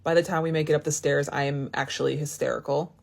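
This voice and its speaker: With a deep, gravelly, slightly mellow voice, a woman in her thirties rambles through a personal story for her vlog. It's a confiding, casual storytime full of restarts, delivered at a quick pace in a level tone.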